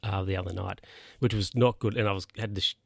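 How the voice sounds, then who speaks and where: A man's voice: fairly low pitch, steady tone, fast, creaky, no echo. Rambling man, dry close sound. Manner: rambling, self-correcting, chatty. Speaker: podcast host. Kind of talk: casual solo podcast monologue.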